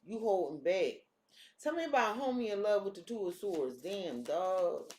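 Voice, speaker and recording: A woman's voice: mid-range voice, expressive, moderate pace, a little mellow. A woman doing a casual tarot reading, talking bluntly and cursing freely. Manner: blunt, profane, streetwise talk. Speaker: tarot reader. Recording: echoey room.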